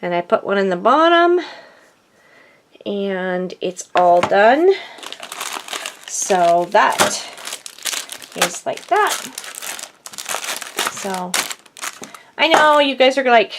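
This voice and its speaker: A woman's voice: medium pitch, sing-song, extremely slow, long pauses, background noise. A middle-aged woman chatting casually in her home craft studio, rambling and a bit out of breath. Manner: rambling, chatty, self-deprecating. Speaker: crafting vlogger. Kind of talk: casual chat.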